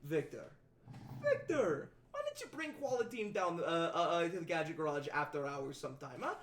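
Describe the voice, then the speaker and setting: A woman's voice: low-pitched, sing-song, fairly quick. A woman voicing a scheming middle-aged male con man who runs a shop, with an oily, stammering, wheedling manner in a tabletop game. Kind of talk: tabletop game role-play. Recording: roomy echo, distant from mic.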